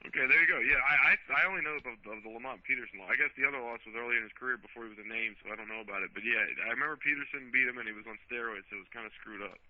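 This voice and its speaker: A man's voice: medium pitch, no room sound. A man co-hosting a casual talk radio show, blunt and profane. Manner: fast-talking, blunt, profane. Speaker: radio co-host. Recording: dry lo-fi radio recording.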